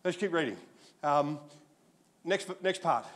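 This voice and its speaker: Preaching with jokes and animated storytelling, an Australian man in his sixties leads his congregation as pastor. He takes his time, pausing often, in a fairly high voice.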